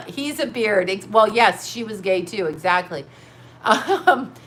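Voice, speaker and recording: A woman's voice: mid-range voice, animated, slow, fairly bright tone, a little hiss or hum. Frank, giggly woman host rambling. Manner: profane, laughs often, frank and rambling. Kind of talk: casual rambling commentary.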